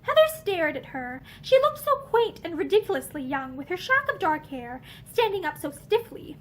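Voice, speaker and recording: A woman reads a novel aloud, her narration expressive and animated. Her voice sits high and moves widely, rising and falling through each sentence. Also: normal speed. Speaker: audiobook reader.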